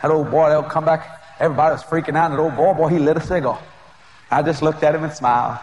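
A male preacher telling a story during a sermon, animated and often laughing as he goes. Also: on the high side, fast.

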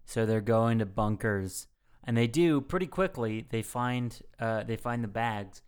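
A man's voice: mid-range voice, a little slow, clean tone. A man co-hosting a casual movie podcast, retelling the plot with lots of swearing and laughter. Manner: animated, swearing, laughs often. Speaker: podcast co-host.

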